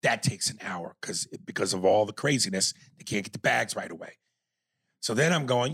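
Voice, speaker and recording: A man from New York tells a long story on a podcast, cursing freely and slipping into quoted voices. His voice is gravelly with a husky, slightly rough edge. He keeps the story moving in an animated, casual rhythm. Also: fairly low pitch, moderate pace, no room sound. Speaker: podcast co-host.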